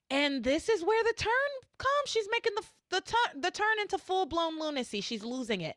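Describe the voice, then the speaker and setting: A woman hosting a podcast in casual recap chat, animated and acting out characters in shrill voices. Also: normal speed, few pauses, no room sound, studio quality. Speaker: podcast host.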